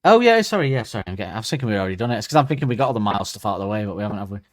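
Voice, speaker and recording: A man's voice: lowish voice, very animated, very fast, no echo, clean studio sound. A man co-hosting a podcast in casual chat, rambling and hesitant, with many ums and restarts. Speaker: podcast co-host.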